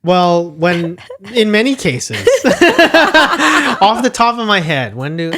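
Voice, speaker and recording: A man's voice: high voice, huge pitch swings, slow, pushed and bright. A man co-hosting a casual podcast chat, rambling a little and often laughing at himself. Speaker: podcast co-host.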